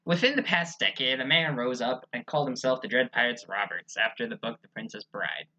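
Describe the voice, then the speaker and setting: Bright, giggly co-host, retells stories with playful put-on voices. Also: medium pitch, expressive, a little fast, poor audio. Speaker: podcast co-host. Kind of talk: casual comedic storytelling.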